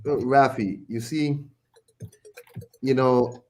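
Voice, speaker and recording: A man's voice: mid-range voice, takes it slowly, a little mellow. A man co-hosting a casual boxing podcast, often stumbling and repeating words as he talks.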